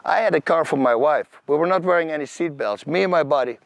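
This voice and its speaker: Talking fast in a gravelly voice on the high side, a Dutch channel host spins personal stories in a monologue. He's vivid and animated, acting out scenes and quotes in loose, non-native grammar, and there's no echo.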